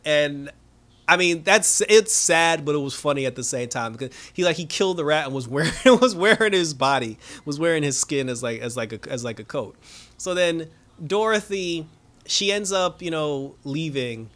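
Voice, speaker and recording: Rambling man with a fairly high voice. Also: moderate pace, a bit bright. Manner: rambling, heavy on filler words and swearing, laughs often. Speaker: TV reviewer. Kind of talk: casual episode recap.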